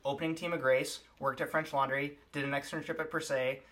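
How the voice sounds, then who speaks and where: A man's voice: medium pitch, fairly even intonation, brisk, a bit bright. A man from the United States, a chef talking earnestly as a podcast guest, with many "like"s. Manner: earnest, filler-heavy with many "like"s. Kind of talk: casual chat.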